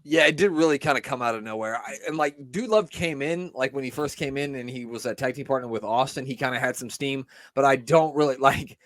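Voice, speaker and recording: Relaxed rambling man hosting a podcast. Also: mid-range voice, a little fast, hardly any pauses, no echo. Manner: relaxed, rambling, laughs often. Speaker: podcast host. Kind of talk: casual podcast chat.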